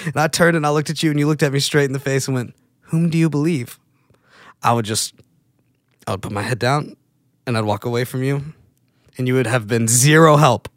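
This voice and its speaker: A man's voice: medium pitch, brisk, a bit bright, no room sound. Man, casual vlog chat, self-deprecating, dry close sound. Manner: self-deprecating, rambling, laughs at himself. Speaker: vlogger.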